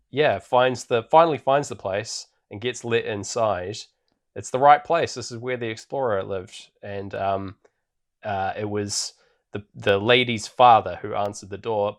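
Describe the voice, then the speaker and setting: Speaking a little slowly in a lowish voice, this podcast co-host casually goes over a film. His talk is loaded with ums and little laughs.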